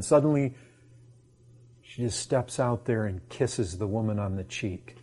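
A man's voice: mid-range voice, a little slow, warm tone. A man preaching a sermon to his congregation, impassioned and full of rhetorical questions.

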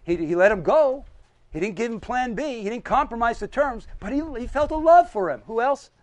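High-voiced man preaching emphatically. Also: expressive, a little fast, darkish tone, no room sound, low-quality recording. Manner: emphatic, lists points, asks the audience. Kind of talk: sermon.

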